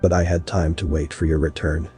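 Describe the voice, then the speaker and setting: A man's voice: level tone, brisk, warm tone, soft background music. A man voicing a vengeful, mocking human man who confronts a god, in a story reading. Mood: bitter. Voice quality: deep husky voice. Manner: mocking and bitter.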